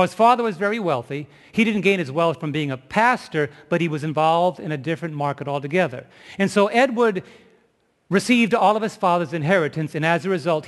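A man's voice: a little high, long reverb tail. A man preaching a sermon, telling a story with emphasis and asking the audience questions.

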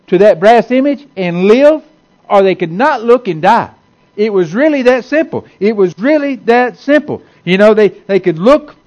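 High-voiced man preaching folksy. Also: a little mellow, muffled recording. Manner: folksy, repetitive, conversational preaching with many restarts. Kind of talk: sermon. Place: church hall with a congregation.

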